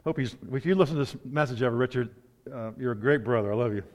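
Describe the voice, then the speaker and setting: A man's voice: mid-range voice, fast, noisy background. A man preaching a sermon in a conversational, storytelling way, with asides, in a church sanctuary with a long hall echo.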